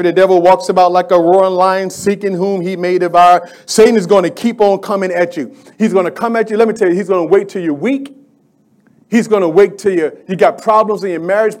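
High-voiced fervent male preacher. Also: a little mellow. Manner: fervent, conversational preaching with repeated phrases and call-outs to the church. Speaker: pastor. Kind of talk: sermon.

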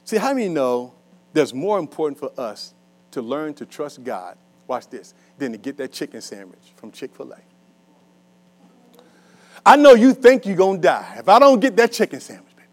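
A male pastor preaching a sermon to a congregation, animated and call-and-response, swinging between loud and soft. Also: fairly high pitch, normal speed. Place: church hall with a congregation.

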